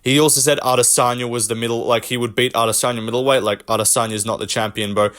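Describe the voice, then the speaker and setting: A man's voice: medium pitch, fairly even intonation, quick pace, a bit bright. Blunt, mocking young man ranting. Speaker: host. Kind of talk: casual commentary rant.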